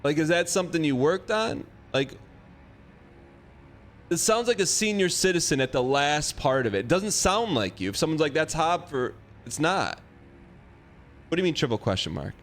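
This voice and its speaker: A man streaming a game live, chatting casually with viewers in a rambling, halting, playful way. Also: on the high side, very animated, a bit bright, soft background music.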